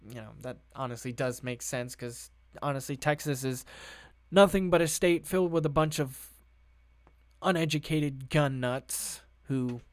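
Reading out news stories, this sarcastic commentator on politics erupts into foul-mouthed tirades, mocking and heated, with plenty of rhetorical questions. He uses a mid-range voice at a measured pace.

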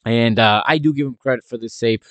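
A man talks alone into a close, dry mic and recaps a football match for his podcast. His voice is smooth and resonant and sits in a middle register. He tells it as an animated story and often restarts his sentences. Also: medium pitch, fairly quick, no room sound. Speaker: podcast host.

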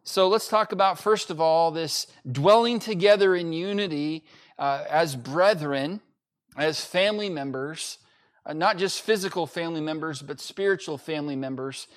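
Higher-voiced man preaching emphatically. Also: normal speed. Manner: emphatic preaching with fillers and repeated phrases. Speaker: pastor. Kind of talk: sermon. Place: church during livestream-only service.

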